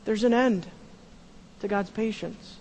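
A pastor preaching a sermon, repeating key phrases and swinging from loud emphasis to a hushed tone. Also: male voice, high-pitched, slow, big-room sound, a little hiss or hum.

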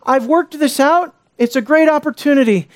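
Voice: high-pitched, moderate pace, pitched above the performer's own voice, natural voice. Speaker doing a smug young hired priest. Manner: breezy, pleased with himself.

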